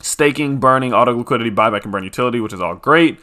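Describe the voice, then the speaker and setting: A young man, casually reading a crypto white paper aloud on screen share and breaking in with quick excited reactions. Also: mid-range voice. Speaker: crypto video host.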